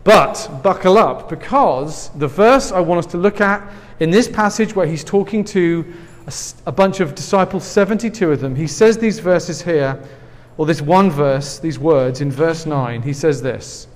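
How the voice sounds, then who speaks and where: A man's voice: on the high side, normal speed. A man with an English accent preaching a sermon through a face mask, earnest and conversational, with asides and light laughs. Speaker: pastor. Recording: long reverb of a large hall.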